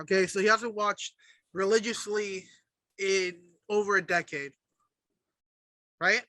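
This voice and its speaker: Man, podcast co-host, high and very bright voice, profane heated rant, dry close sound. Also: steady tone, a little slow, pauses often, dry recording. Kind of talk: casual wrestling chat.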